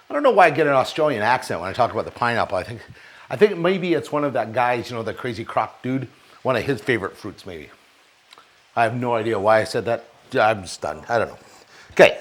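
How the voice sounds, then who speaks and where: A man's voice: mid-range voice, fairly bright tone. A man hosting a casual home cooking show from his kitchen, rambling and cracking jokey asides to the viewers as he cooks. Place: kitchen at a stove.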